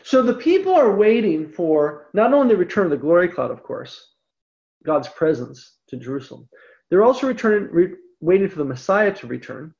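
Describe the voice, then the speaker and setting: A Bible teacher giving a scripture lecture in an emphatic way, slowing down to stress key points. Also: mid-range voice, big pitch swings, creaky, a little mellow. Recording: dull lo-fi recording.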